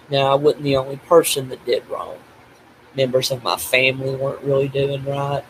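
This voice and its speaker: An older man talking in a tearful video diary, grief-stricken and blaming himself, speaking haltingly with restarts and breaking off as he cries. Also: medium pitch, steady tone, a little hiss or hum, rough recording. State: crying. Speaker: vlogger.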